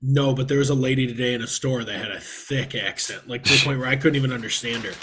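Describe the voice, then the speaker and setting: A man's voice: medium pitch, quick pace, a bit bright, a little hiss or hum. A man co-hosting a sports podcast, telling a joking story in casual chat. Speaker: podcast co-host.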